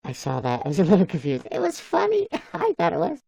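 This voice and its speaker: A man's voice: a little high, wildly swooping pitch, fast talker, creaky, a little mellow, dry recording, low-quality recording. A man on a live stream, chatting casually, laughing often and reading viewers' comments aloud. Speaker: livestreamer.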